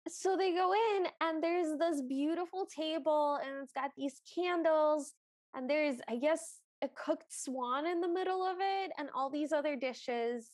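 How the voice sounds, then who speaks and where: A woman's voice: high-pitched, measured pace, a little mellow, no room sound. A woman co-hosting a podcast, recapping a film in playful casual chat. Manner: playful, acts out characters. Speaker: podcast co-host.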